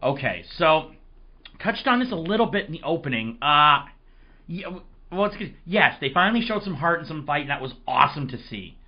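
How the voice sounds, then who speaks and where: Hoarse, excitable male sports podcaster. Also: fairly high pitch, fairly quick, lo-fi sound. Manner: rambling, excitable storytelling. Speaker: podcast host. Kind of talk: casual sports podcast monologue.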